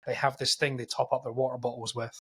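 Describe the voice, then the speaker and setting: A man co-hosting a film podcast, casually retelling a film's plot in a rambling, animated way and acting out quotes. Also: medium pitch, fast, husky. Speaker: podcast co-host.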